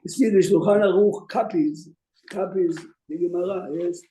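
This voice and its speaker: A male rabbi gives a Talmud study class. He races through readings of the texts, then slows down to explain them and tells his students to listen. His voice sits high yet sounds very dark, and it carries a roomy classroom echo. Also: steady tone.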